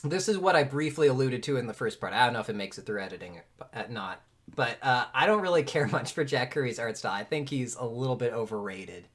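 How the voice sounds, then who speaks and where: A woman's voice: rumbling low, lively intonation, fast. A woman chatting casually about a comic, opinionated and knowing. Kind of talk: casual comic-reading chat.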